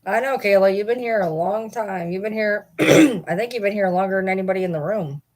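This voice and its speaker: A woman's voice: medium pitch, brisk, a little mellow. Woman, livestream chat, rambling, swears casually. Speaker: livestream host.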